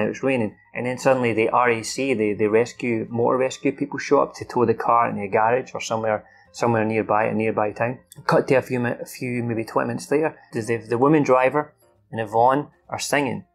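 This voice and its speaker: Young male host, gravelly, swears and acts out lines, unscripted recap. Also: mid-range voice. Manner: rambling, swears freely, acts out the characters' lines. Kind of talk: unscripted film recap from memory.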